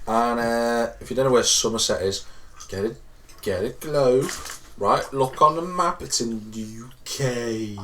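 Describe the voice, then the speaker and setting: A man's voice: mid-range voice, unhurried, a bit bright, recorded from a distance, a little hiss or hum. A man reading out weird news on a podcast, joking and teasing as he goes. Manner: joking, teasing, laughs often. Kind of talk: casual banter.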